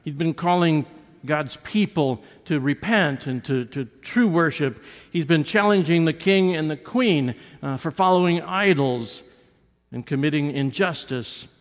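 A pastor from the United States preaches in a church sanctuary, and the recording carries its long reverb. His male voice is fairly high and unhurried. He speaks conversationally, restarting often, and acts out quoted lines with rises and drops in his voice.

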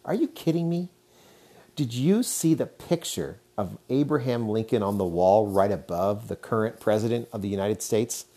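Solo podcast host, man in his thirties, low voice, loose rambling delivery. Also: warm tone. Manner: chatty, rambling, frequent fillers. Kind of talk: casual solo podcast talk.

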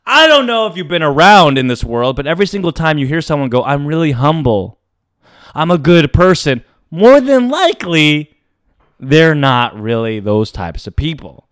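A podcast host telling a story in a casual, animated and dramatic way. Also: male voice, a little high, normal speed, clear, resonant tone, dry recording, clean studio sound.

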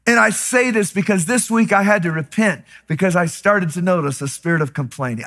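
High, bright-voiced preacher man. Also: lively intonation, brisk, hardly any pauses. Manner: passionate preaching, swings from hushed to shouting. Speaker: pastor. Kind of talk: sermon.

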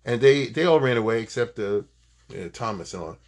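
A man giving an informal Torah class, animated and digressive, mixing in Hebrew phrases and retelling war stories. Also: fairly low pitch, brisk. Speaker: Torah teacher.

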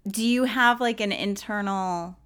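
A woman's voice: medium pitch, a little slow, a bit bright, clean tone. A woman interviewing a guest in a casual chat, thoughtful and searching for words as she asks her questions.

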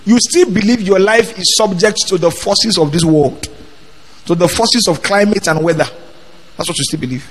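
A man's voice: high-pitched, a bit bright, husky, low-quality recording. A man preaching a sermon, leading the congregation in call-and-response and acting out quotes in different voices.

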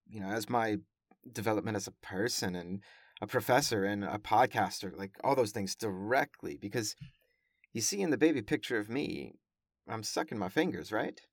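A man's voice: on the low side, dry recording, clean studio sound. A man who is a professor and podcaster talks casually to listeners, carefully over-enunciating his words and often correcting himself. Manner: chatty, self-correcting, with frequent fillers. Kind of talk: casual monologue.

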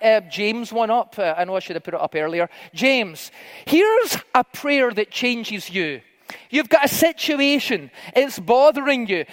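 A middle-aged man preaching a sermon, telling stories conversationally with fillers and rising to emphatic pleas. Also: very high voice. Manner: conversational storytelling with fillers, swinging to emphatic pleading. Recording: long hall reverb.

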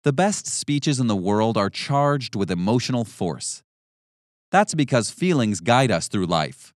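Male narrator, instructive audiobook read, lively pitch, dry close recording. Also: no room sound. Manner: measured, instructive, varied emphasis.

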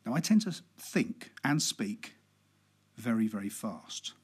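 A man with a husky, slightly breathy voice talks through a podcast on public speaking. He stays relaxed and conversational, dropping in fillers and keeping the pace deliberately slow. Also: on the low side. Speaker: podcast host.

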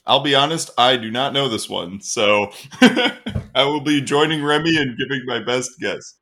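A man's voice: medium pitch, measured pace, pushed and bright. A man co-hosting a casual soccer podcast, joking and self-deprecating, laughing often. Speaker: podcast co-host.

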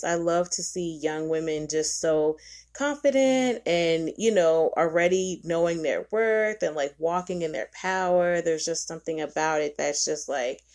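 A woman's voice: fairly low pitch, a little mellow. A woman hosting a podcast, chatting casually and with strong opinions. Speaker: podcast host. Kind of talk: casual chat.

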